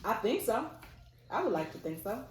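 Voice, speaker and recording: A woman's voice: fairly high pitch, sing-song, moderate pace. A woman in her thirties casually telling a story, acting out quotes and laughing often. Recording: echoey room with faint noise.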